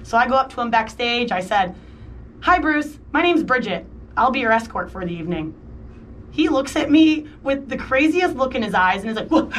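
A woman's voice: fairly high pitch, normal speed, recorded from a distance, a little hiss or hum. A woman in her thirties co-hosting a casual chat, telling a story with lots of "like" and acting out the voices of the people in it. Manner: animated, acts out quoted voices, lots of "like". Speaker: podcast co-host.

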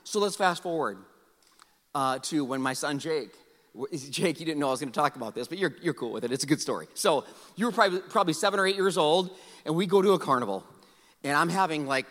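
A middle-aged man from South Dakota preaching a storytelling sermon, animated and self-mocking, acting out his own past lines. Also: a little high, quick pace. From South Dakota, USA. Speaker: pastor. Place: large church auditorium. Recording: hall reverb.

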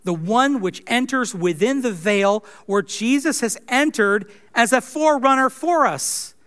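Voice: mid-range voice, expressive, a little slow, a bit bright, smooth. A pastor preaching a sermon in a conversational way, with wry asides.

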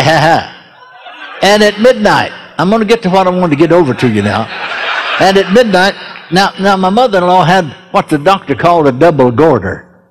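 An older man preaching a sermon, telling a story in a folksy way with chuckles and repeated words. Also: on the high side. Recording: echoey hall reverb.

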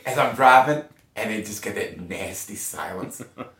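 Cast a man in his forties, bright-toned, telling candid stories in a roomy space off-mic. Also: mid-range voice, fast talker. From Oklahoma, USA. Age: 40s. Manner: animated, swears freely, laughs often. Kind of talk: candid personal storytelling. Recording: roomy echo, mic at a distance.

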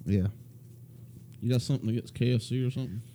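A man's voice: mid-range voice, warm tone, slight background noise. A man co-hosting a comedy wrestling podcast, joking and laughing often. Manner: laughing, jokey, slow drawl. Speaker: podcast co-host. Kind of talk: casual comedic chat.

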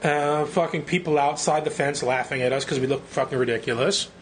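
Middle-aged man, New York accent, fairly high voice, swearing storyteller, faint background noise. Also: fairly quick. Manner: profane, animated storyteller who acts out quotes. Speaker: guest, band singer. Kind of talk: casual storytelling interview.

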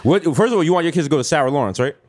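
A man's voice: fairly high pitch, lively intonation, rapid-fire, a little mellow. An American man cracking jokes in a casual podcast chat. His talk is loose and profane, and he rolls from one comic story into the next. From United States. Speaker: podcast co-host.

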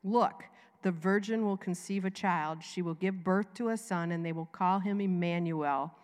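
A woman's voice: fairly low pitch, moderate pace. Southern woman preaching in a reverberant hall. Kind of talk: sermon.

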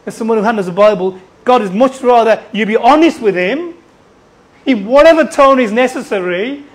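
An animated preacher delivers a sermon, firing question after question at the congregation. The voice sits at a middle pitch and keeps circling back over its own phrases. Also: moderate pace, poor audio. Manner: animated, asks the listeners questions; repeats and restarts phrases.

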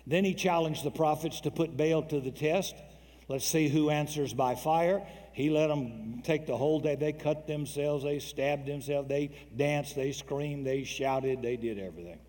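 A man's voice: on the high side, moderate pace, darkish tone, in a large hall. A man preaching a sermon in a folksy, joking, emphatic way.

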